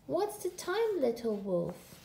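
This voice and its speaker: A woman puts on a tiny wolf cub who never stops whining, his voice shrill and wailing as it swoops high. The storybook reading sounds slow and drawn out in an echoey room. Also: big pitch swings, vocal fry, dark tone, heavily acted. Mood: whiny. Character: whiny little wolf cub brother, hungry and moaning.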